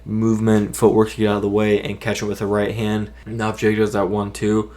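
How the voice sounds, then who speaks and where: A man's voice: on the low side, completely flat delivery, brisk, mellow. A man talking casually to his viewers, giving a boxing prediction in a rambling way and correcting himself often. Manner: rambling, self-correcting, hedging opinions. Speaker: boxing commentator.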